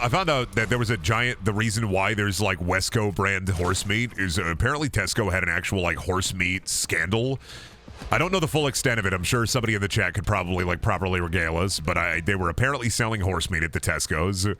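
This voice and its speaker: A young man commentates his game stream casually and fast, swearing freely. When something surprises him, he breaks into high, excited yelps.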